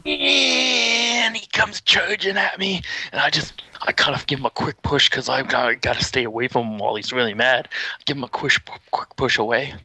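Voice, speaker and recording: A young man casually telling a story, animated and swearing, acting out what people said with sudden shouts. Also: mid-range voice, fast, vocal fry, breathy edge, dry recording, low-quality recording.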